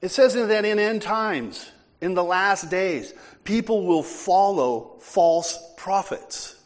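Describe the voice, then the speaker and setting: A man preaching a sermon as pastor, emphatic and forceful, with casual asides. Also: high-pitched, slow. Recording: long hall reverb.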